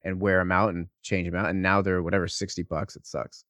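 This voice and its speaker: A man co-hosting a podcast, telling stories in a casual, animated, profane way. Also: low-pitched, fairly quick, dry recording, clean studio sound. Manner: profane, animated storytelling with laughs. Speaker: podcast co-host. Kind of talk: casual chat, storytelling.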